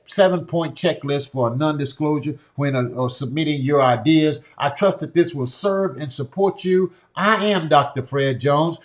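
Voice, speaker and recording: A man's voice: on the high side, dull audio. A man hosting a live online session, giving a motivational talk with a preacher-like cadence, repeating phrases and calling out viewers by name.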